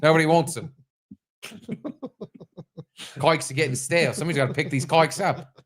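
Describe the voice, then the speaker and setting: A man's voice: fairly high pitch, normal speed, natural voice. This is a man putting on a jokey Australian shopkeeper with a thick put-on accent. He grumbles about stock nobody will buy. The delivery is broad and mocking.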